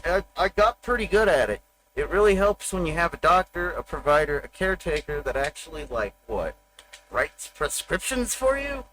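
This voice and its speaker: A middle-aged man talks straight into his desk mic on a livestream, his voice sitting a bit high for a man. He rambles in a raw, confessional rant, cursing freely and swinging from bravado to grim candor. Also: noisy background. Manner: blunt, profane, confessional rant. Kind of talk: rambling personal monologue.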